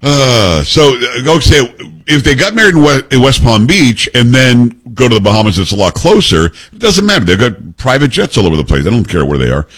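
Teasing radio host, husky voice. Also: male voice, medium pitch, big pitch swings, a little fast, hardly any pauses, a bit bright. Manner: teasing, chuckling, rambling. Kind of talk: casual radio banter. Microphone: studio microphone.

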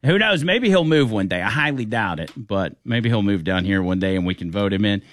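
A man's voice: on the low side, lively intonation, fairly quick, a bit bright. A man hosting a talk radio show, upbeat and folksy as he interviews a guest. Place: radio studio.

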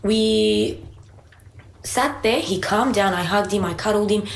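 A woman co-hosting a casual conversation, a mother telling everyday stories in a chatty, animated way and laughing easily. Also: medium pitch, measured pace. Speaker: podcast co-host and mother. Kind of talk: casual conversation, anecdotal storytelling. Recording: roomy echoey room.

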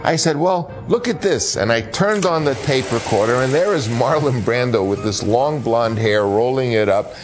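An older man, a film director, tells an anecdote in an interview and acts out the voices he quotes in an animated way. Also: medium pitch, moderate pace, hardly any pauses, music in the background.

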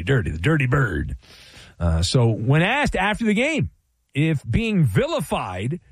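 Animated, wry sports radio host man. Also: on the high side, no echo. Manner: playful, wry, rhetorical and animated. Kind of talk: call-in sports talk radio monologue.

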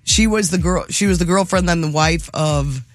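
A man's voice: fairly high pitch, moderate pace, no room sound, studio quality. A man hosting a radio show, chatting and teasing his co-hosts in a casual way. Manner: chatty, teasing, laughs often. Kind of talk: casual morning show chat.

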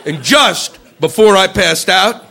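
A man doing a stand-up routine, telling a story with lots of shouted impressions. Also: sits high, expressive, slow pace, creaky. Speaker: stand-up comedian.

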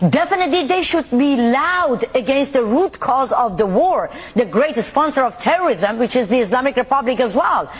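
A woman from Iran, an activist speaking forcefully and indignantly as an interview guest. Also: high-pitched, slightly rough.

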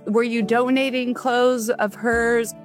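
A woman hosting a call-in radio show as a psychic medium, giving gentle, reassuring readings to callers. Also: a little high, slow pace, faint music behind. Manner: warm reassuring, relays messages in a gentle steady flow.

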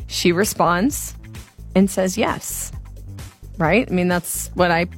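A woman's voice: lowish voice, a little slow, faint music behind. A woman co-hosting a casual radio show, reading out poll numbers and retelling a text exchange as a story. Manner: reads out poll results and texts, lively storytelling. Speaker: radio co-host. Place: radio studio.

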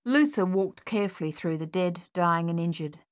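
Woman narrator, audiobook reading, lowish voice, measured telling, dry close sound. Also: no echo.

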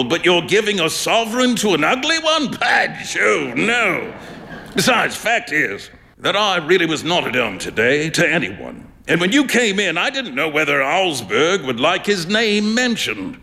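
Brief: man playing a loud, mocking gent friend, bright and lively, in a reverberant hall. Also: moderate pace, gravelly, exaggerated voice. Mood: amused. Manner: booming, laughing, teasing. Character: hearty, mocking male artist friend.

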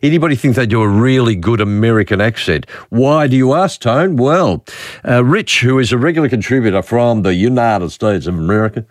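A man's voice: medium pitch, a little fast, no room sound. A middle-aged man with an Australian accent hosting casual talkback radio, musing aloud with chatty fillers at a close studio mic. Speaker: radio host.

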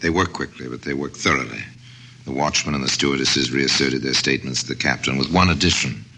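Narrator, male, extremely deep, measured and dramatic. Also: sharp tone. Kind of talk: scripted radio drama narration.

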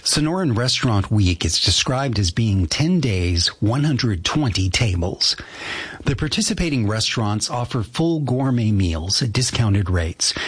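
Calm male radio host, husky low voice, dry close sound. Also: dry recording. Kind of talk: radio interview and announcements.

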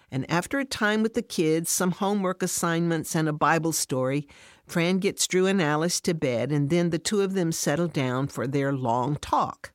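A woman narrating a scripted devotional story in an even, measured way. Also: deep voice, dry recording, clean studio sound.

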